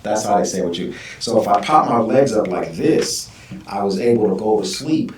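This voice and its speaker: A man telling a long personal story in a casual interview, lively, and acting out the other people's lines in his own voice. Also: lowish voice, normal speed, crowd noise. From Southern California. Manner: animated storytelling, acts out quoted voices. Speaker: guest. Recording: echoey room, mic at a distance.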